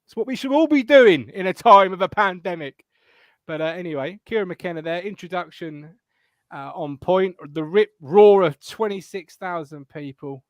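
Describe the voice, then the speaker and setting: A Suffolk man with a slightly high voice hosts a live fan chat from home, sounding a little rough from tonsillitis. The sound is close and dry with no room around it, and he swears, laughs and teases himself as he goes. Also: moderate pace, dry recording. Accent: Suffolk English. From Suffolk, England. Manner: swearing, laughing, self-mocking. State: ill with tonsillitis. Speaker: fan show host.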